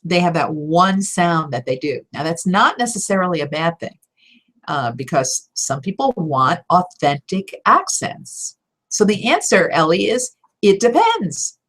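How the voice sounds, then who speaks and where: A slightly low-pitched woman coaches aspiring voice actors in a live question-and-answer session. She talks directly and warmly encouraging, leaning on key words with firm emphasis and slipping in quick laughs. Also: sing-song. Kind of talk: live Q&A teaching talk.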